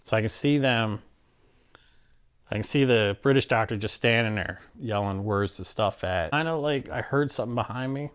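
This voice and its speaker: A man telling a personal story in a casual, animated way, with many fillers and restarts and acted-out quotes. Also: medium pitch, moderate pace, smooth. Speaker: interviewee telling his story.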